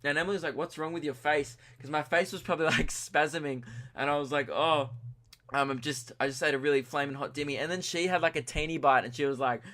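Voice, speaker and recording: A man's voice: on the high side, quick pace, few pauses, pushed and bright. Australian man rambling through a comic story. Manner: rambling, chuckling, self-mocking. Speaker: podcast host. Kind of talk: comedic storytelling monologue.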